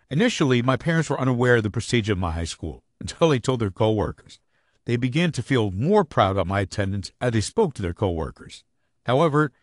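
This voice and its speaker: A man narrating a first-person audiobook with an expressive storytelling delivery. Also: mid-range voice, no echo, studio quality.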